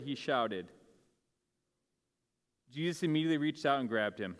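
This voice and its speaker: A man's voice: medium pitch, lively intonation, normal speed, long pauses. A man preaching a sermon to a congregation in a casual, conversational way, with many fillers and restarts. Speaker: pastor. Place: church sanctuary. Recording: long hall reverb from a church sanctuary.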